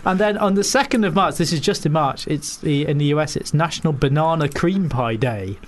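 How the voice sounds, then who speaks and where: A man's voice: on the high side, brisk. A man co-hosting a casual football podcast, making dry, wry asides and laughing often. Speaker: podcast co-host. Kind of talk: casual chat.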